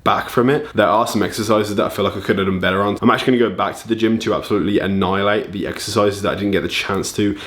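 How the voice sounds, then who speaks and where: A man's voice: on the low side, steady tone, rapid-fire, few pauses, a bit bright. A young man vlogging casually as he cooks in a home kitchen, talking loosely, swearing freely and joking at his own expense. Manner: chatty, loose and profane, jokes at himself. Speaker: fitness vlogger. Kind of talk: casual cooking and diet vlog.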